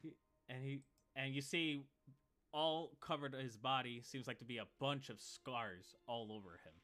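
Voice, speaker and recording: A man's voice: mid-range voice, fairly even intonation, measured pace, pushed and bright. A man narrating as game master of a tabletop game, in a casual way with fillers.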